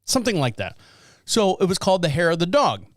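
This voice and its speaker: Male podcast host, high smooth voice, dry close sound, sarcastic rambling news riffs. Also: wildly swooping pitch, fast talker, dry recording. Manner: sarcastic, rambling, laughs at own jokes. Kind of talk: casual news commentary.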